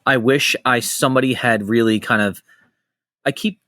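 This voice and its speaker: A middle-aged man hosting a casual podcast, telling stories in an animated way, swearing freely and jumping between tangents. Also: mid-range voice, normal speed, no room sound. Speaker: podcast host.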